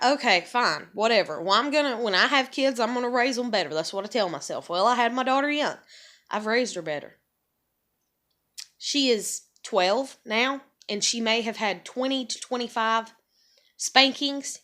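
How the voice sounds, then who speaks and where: Woman, thirties, high pitched, sharp bright tone, swearing, ranting. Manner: profane, heated, venting. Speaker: vlogger. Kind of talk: angry confessional rant.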